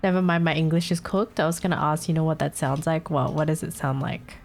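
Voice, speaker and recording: A woman's voice: low voice, fairly even intonation, fairly quick, gravelly, darkish tone, faint music behind. A young woman streaming live, chatting casually and swearing as she fixes her setup, sounding a little congested.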